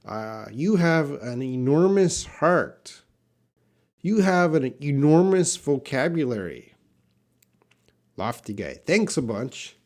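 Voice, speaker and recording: A male English teacher hosting a live pronunciation class, speaking slowly and deliberately. He says each word over and over for learners and stops to answer questions from the chat. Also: mid-range voice, sing-song, darkish tone. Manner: slow, repeats words for learners, answers chat. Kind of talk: live-stream pronunciation lesson.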